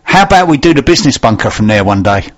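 A man hosting a live business radio show, trading quick teasing banter with his co-host. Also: mid-range voice, sing-song. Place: radio studio.

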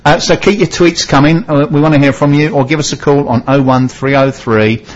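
A man's voice: fairly high pitch, steady tone, fairly quick, highs cut off. A middle-aged man with a Cockney accent hosting a radio show, chatty and self-mocking. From London. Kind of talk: casual radio chat.

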